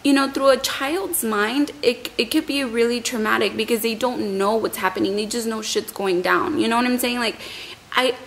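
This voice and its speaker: A woman's voice: fairly high pitch, normal speed, fairly bright tone, slight background noise, low-quality recording. A young woman vlogger who is still shaken up, telling a long story in a rambling way and often repeating her words. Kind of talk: emotional storytime vlog.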